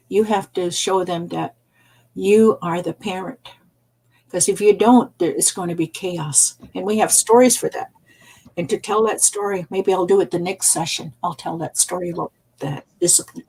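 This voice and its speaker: An older woman, an elder storyteller, teaching gently in a soft, unhurried way and repeating phrases for emphasis. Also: on the low side, breathy edge, rough recording.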